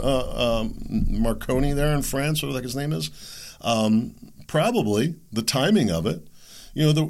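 A man delivers solo commentary on his podcast, his fairly low voice rising and falling in wide, lively swings. He peppers his talk with rhetorical questions and sarcastic asides. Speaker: podcast host.

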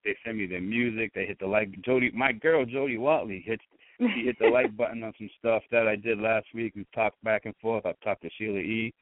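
A man with a Boston accent, a guest chatting casually in an interview, relaxed and rambling with frequent restarts. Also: on the low side, a little fast, no room sound. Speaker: guest, radio show host. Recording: tinny phone-like line.

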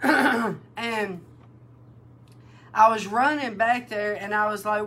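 A woman minister giving a sermon-style testimony, animated and emotional, acting out the dialogue in her story. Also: medium pitch, slow, pauses often. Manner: emotional, near tears. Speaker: prophetic minister.

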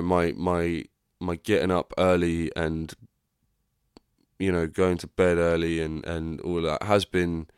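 A young podcast host talks candidly in a casual, rambling, reflective monologue, swearing freely. He has a deep, clean-toned voice, recorded dry with clean studio sound.

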